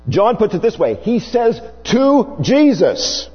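A husky-voiced male preacher gives a sermon at an unhurried pace, very animated, his pitch swinging widely for emphasis. The recording is dull and lo-fi, with a faint mains hum and soft background music underneath. Each phrase trails off in a long reverb through the hall.

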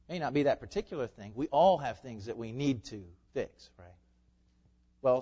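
A man's voice: mid-range voice, darkish tone. A male pastor preaching a sermon, emphatic and pleading, with many rhetorical questions. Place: church sanctuary. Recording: dull sound with long hall reverb.

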